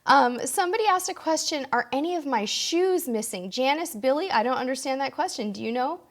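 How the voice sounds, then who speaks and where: A woman's voice: high voice, animated, a little fast. Tired, chatty woman livestream host. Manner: chatty, reads viewer comments aloud. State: tired, losing her voice. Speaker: livestream host answering viewer questions. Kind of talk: casual live Q&A chat.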